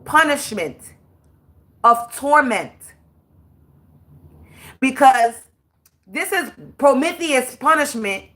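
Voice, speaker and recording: A woman's voice: high-pitched, fairly bright tone. A woman, a spiritual reader, ranting on a livestream in a blunt, profane and preachy way, drawing out words for emphasis. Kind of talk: livestream rant.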